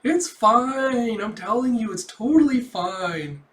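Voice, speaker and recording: A man reading out a poised older society woman who speaks calmly and firmly. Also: fairly high pitch, moderate pace, reverberant.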